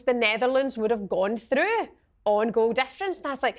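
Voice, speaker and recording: A woman hosting a casual football chat, lively and expressive. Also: on the high side, fairly quick. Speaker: podcast host.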